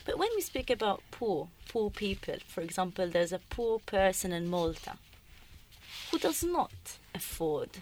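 A woman's voice: mid-range voice, sing-song, a little slow, a little mellow, a little hiss or hum. Woman radio host asking questions. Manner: questioning, hesitant phrasing. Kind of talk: radio studio discussion.

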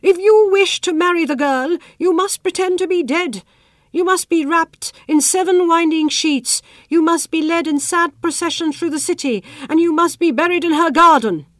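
A woman voicing a shrill, anxious queen mother who speaks high and slowly. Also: a little mellow, no room sound, clean studio sound. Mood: urging. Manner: high, slow and wailing.

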